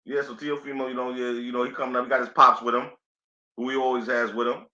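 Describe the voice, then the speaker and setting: A man's voice: medium pitch, little pitch movement, fast talker, sharp tone. A man hosting a casual live boxing play-by-play stream, laid-back and chatty, often saying "you know what I'm saying.". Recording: echoey room, dull lo-fi sound.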